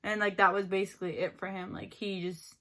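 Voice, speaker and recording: A woman's voice: medium pitch, flat delivery, brisk, bright, forceful tone. A young woman rambling chattily about her boyfriend while doing her makeup, filling her talk with "like". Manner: rambling and chatty, fills speech with "like". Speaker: beauty vlogger.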